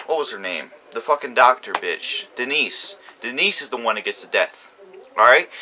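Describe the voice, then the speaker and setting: A man's voice: medium pitch, pushed and bright. A man ranting about a TV show premiere, heated, profane and repeating himself. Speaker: YouTube commentator. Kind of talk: ranting TV reaction.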